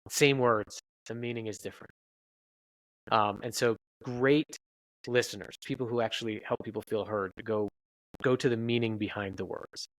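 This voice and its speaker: A man's voice: on the low side, fairly even intonation, moderate pace, no echo, rough recording. A man, a researcher guest on a podcast interview, explaining his work in an earnest, explanatory way.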